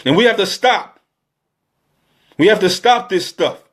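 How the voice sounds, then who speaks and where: Man in his thirties, high voice, preaching with emotional, pleading repetition. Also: lively intonation, unhurried. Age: 30s. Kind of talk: impassioned exhortation.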